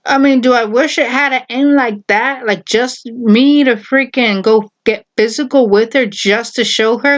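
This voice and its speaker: Blunt, animated young woman telling a story. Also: on the high side, unhurried, few pauses, highs cut off. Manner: animated, acts out quoted voices, blunt. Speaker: vlogger. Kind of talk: casual storytelling.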